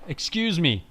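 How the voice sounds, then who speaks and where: A young man streaming casual, rambling live race commentary. He swears freely, talks excitably and sounds groggy from too little sleep. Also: high voice.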